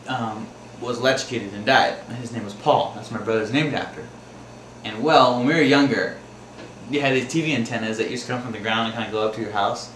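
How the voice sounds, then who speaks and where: His mid-range voice is a bit bright as this storyteller from Wisconsin, USA, casually recounts funny and frightening episodes from his life. He laughs and rambles, imitating the screams; the room is echoey, with faint background noise.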